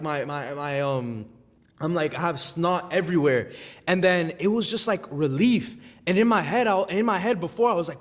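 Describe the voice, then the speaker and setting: A man's voice: on the high side, big-room sound. A nineteen-year-old man co-hosting a podcast, telling a personal story in an earnest, casual way with plenty of fillers. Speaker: podcast co-host. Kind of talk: casual chat.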